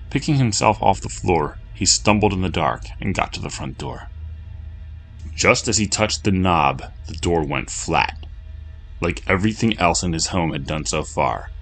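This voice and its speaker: A man with a very deep voice reads a scripted horror story. His delivery is low, measured and steady, with faint music sitting underneath. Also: creaky.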